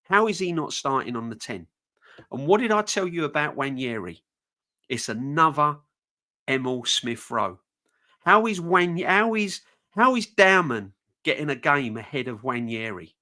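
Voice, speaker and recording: A man's voice: fairly high pitch, sing-song, a little slow, bright, forceful tone. A man hosting a fan channel live stream, ranting with passion and repeating himself. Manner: passionate, fuming, repetitive.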